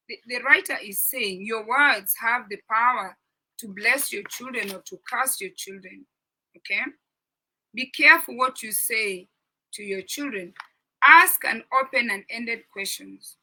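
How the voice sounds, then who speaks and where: A woman's voice: fairly high pitch, pushed and bright, rough recording. A middle-aged woman hosts an informal talk on a parenting book. She speaks in an earnest, instructive way, repeats her points and often checks in with listeners.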